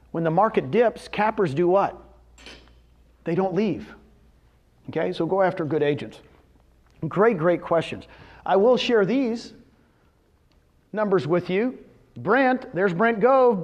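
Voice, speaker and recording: An energetic middle-aged man giving a motivational business talk, firing questions at the audience and answering them himself. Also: high-pitched. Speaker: real estate brokerage executive speaking at a company event.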